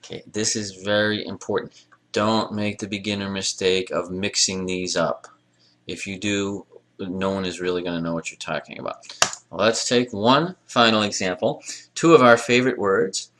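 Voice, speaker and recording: A man with a fairly low voice gives a language lecture. He drills pronunciation out loud, word by word, and mixes in dry jokes. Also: moderate pace, slight background noise. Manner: wry asides, drills pronunciation aloud. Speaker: Arabic teacher. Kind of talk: recorded classroom lecture.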